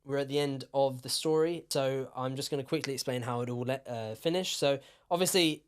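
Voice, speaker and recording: A man co-hosting a podcast, tipsy and telling a story in a lively, rambling way with plenty of swearing. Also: mid-range voice, fairly quick, smooth. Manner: animated, swearing, repeats himself. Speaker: podcast co-host. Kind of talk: casual storytelling chat.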